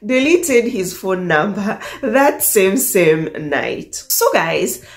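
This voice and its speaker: Slow-talking East African woman, echoey room. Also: a little high. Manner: animated, laughs often, acts out quoted lines. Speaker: dating coach vlogger. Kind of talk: casual storytelling to camera.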